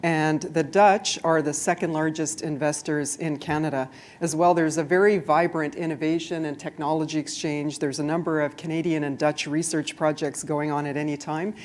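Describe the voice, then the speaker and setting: A woman diplomat giving a friendly, clear conference presentation. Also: deep voice, fairly even intonation, moderate pace, hardly any pauses, a little mellow. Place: conference room before an audience.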